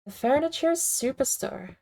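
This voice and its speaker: A woman streaming a game, chatting casually and thinking aloud. She rambles and pokes fun at herself. Her voice sits a bit high but has a warm, mellow tone. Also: lively intonation, unhurried, creaky. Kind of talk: casual livestream commentary.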